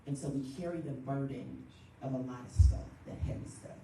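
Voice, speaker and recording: A woman grief counselor leading a church workshop, talking in a lively way and acting out quick everyday quotes. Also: very deep voice, creaky, a little hiss or hum. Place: church hall. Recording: echoey room, voice from far off.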